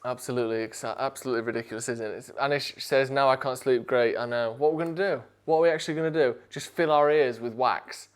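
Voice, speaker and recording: A young man hosting a casual live stream, joking and animated, sometimes rising to near shouts. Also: medium pitch, fast talker, few pauses, clear, resonant tone.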